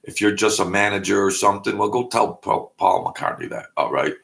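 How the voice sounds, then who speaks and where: Gravelly-voiced man rambling on his vlog. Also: fairly low pitch, sing-song, brisk, a bit bright. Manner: rambling, joking, self-deprecating asides. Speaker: YouTube channel host. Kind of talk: casual vlog monologue.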